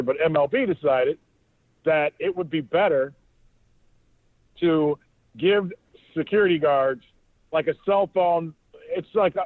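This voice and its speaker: A man co-hosting a podcast, telling a long story in casual chat, animated and swearing freely as he acts out what people said. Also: a little high, no echo. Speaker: podcast co-host, sports reporter. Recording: dry, phone-like sound.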